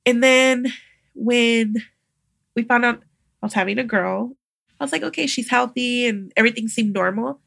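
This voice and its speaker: Young woman guest, lively storyteller who mimics others, slightly high voice, dry close mic. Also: normal speed, creaky, no room sound. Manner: animated, acts out quoted voices, laughs often. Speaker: podcast guest, midwife. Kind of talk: casual storytelling.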